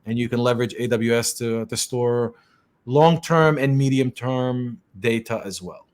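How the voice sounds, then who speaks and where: A middle-aged man from Lebanon hosts a casual podcast. He talks in a relaxed, chatty way, circling back and filling pauses as he explains things. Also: mid-range voice. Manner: chatty and easygoing, many fillers and restarts. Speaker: podcast host and tech consultant.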